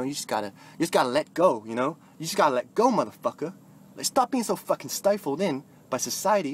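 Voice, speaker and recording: A young man with a mid-pitched voice rambles into his phone about letting go, swearing freely. His delivery lurches from quiet mumbling to loud, sing-song outbursts. A faint ambient hum sits underneath. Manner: swings between soft mumbling and loud sung or shouted bursts, swears freely. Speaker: vlogger. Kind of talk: rambling motivational monologue. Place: moving vehicle, talking to a phone.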